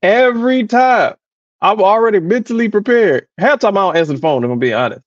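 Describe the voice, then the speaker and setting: Animated high-voiced man telling stories. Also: a little fast, dry recording, muffled recording. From American South. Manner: animated storytelling, mimics relatives, laughs often. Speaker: podcast co-host. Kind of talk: casual chat.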